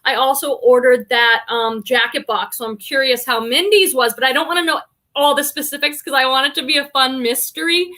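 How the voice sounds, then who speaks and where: A woman's voice: high-pitched, brisk, bright, forceful tone. A middle-aged woman from the Boston area with a slight Boston accent, chatting casually on a livestream, reading out comments and greeting viewers by name. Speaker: livestream host, reseller.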